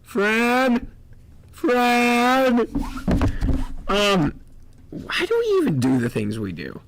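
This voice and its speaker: Lively, excitable man on a live stream. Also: medium pitch, moderate pace, vocal fry, background noise. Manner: excitable, jokey, laughs loudly. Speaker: co-host. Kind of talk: casual chat on a comics live stream.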